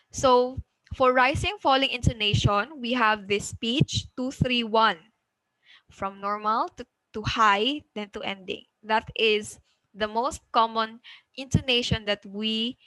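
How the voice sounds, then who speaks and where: Bright-voiced Filipino woman teaching online. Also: fairly high pitch, dry recording, low-quality recording. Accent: Filipino, Cebuano. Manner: frequent "okay?" checks, mixes English with Cebuano. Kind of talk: online class lecture.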